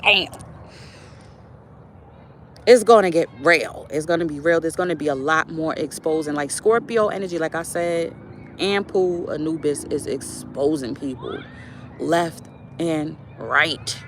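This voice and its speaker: A woman's voice: sits low, a little slow, slight background noise. A young adult woman, a spiritual vlogger, telling a story in a casual monologue with lots of fillers and preachy asides while out on a walk.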